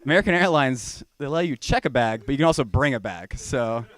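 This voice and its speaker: A man's voice: mid-range voice, lively intonation, brisk, fairly bright tone, dry recording. A young man from Georgia doing a rambling, profane stand-up set in a small venue. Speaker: stand-up comedian.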